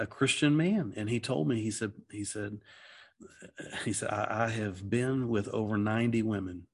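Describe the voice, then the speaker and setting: A man's voice: medium pitch, gravelly, slightly rough. A middle-aged man talking through a Bible passage in casual discussion, earnest and rambling, with many restarts and "okay"s. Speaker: Christian teacher.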